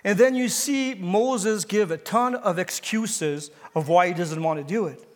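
High-voiced male pastor preaching in a hall. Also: a little slow. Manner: storytelling, asks the congregation questions; builds to emphatic exhortation. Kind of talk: sermon. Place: church sanctuary.

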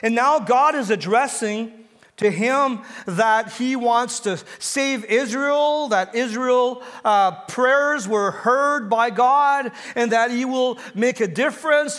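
Speaking slowly in a very high, slightly bright voice, a pastor fills a big-sounding church sanctuary with his sermon. He tells a story, asks his listeners questions, and works up to a strong exhortation.

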